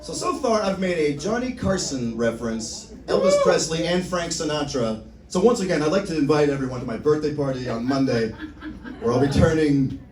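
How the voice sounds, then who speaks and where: A man's voice: fairly high pitch, very animated, fairly quick, a little mellow, distant mic, slight background noise. A man doing a stand-up set on a comedy club stage, wry and self-mocking. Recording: roomy club sound from afar. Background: audience laughter.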